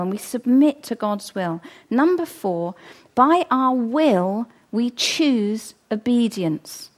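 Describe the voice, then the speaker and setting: A woman's voice: fairly high pitch, expressive, takes it slowly. Earnest woman preaching a sermon. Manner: earnest, emphatic, repeats key phrases.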